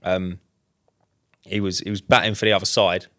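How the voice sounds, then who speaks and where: A man, a podcast co-host telling stories in casual chat, animated and full of slang. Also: deep voice. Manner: fast, animated storyteller with slang.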